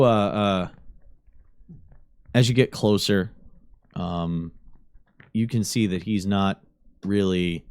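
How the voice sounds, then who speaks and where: A man narrating a tabletop role-playing scene as game master, describing the setting in a halting, searching way. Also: fairly low pitch, darkish tone, smooth.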